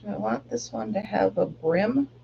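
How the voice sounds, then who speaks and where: Over dull audio with slight background noise, a middle-aged livestream crafter talks at a normal speed in a creaky, medium-pitched voice with lively intonation. She chats casually about her day while she crafts, laughing a lot and singing along softly.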